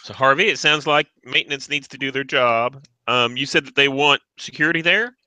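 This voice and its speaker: A man voicing a calm male security team lead speaking over a radio, reassuring in manner. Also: mid-range voice, a little fast, no echo.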